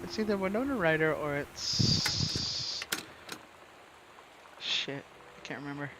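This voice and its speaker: A man's voice: fairly high pitch, lively intonation, slow, background noise. A young man casually commenting while he plays a video game, thinking aloud and guessing at names. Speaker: game streamer. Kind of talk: casual let's-play commentary.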